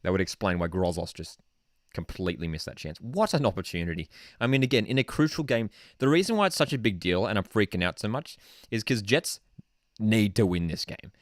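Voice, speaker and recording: Young Australian bloke hosting a live football watchalong, low voice that leaps around wildly, dry and close, easily excited. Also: male voice, brisk, no room sound. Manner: excitable, swings between shouting and muttering, says "dude" often. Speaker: football channel host. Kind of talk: live match watchalong commentary.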